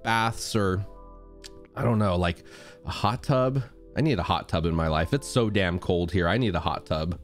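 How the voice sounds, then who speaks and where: An upbeat man chatting live with his stream viewers from home, his voice cracking a little today. His pitch leaps up as he greets people by name, swinging widely through the talk. Faint music plays softly underneath. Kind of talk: casual live-stream chat.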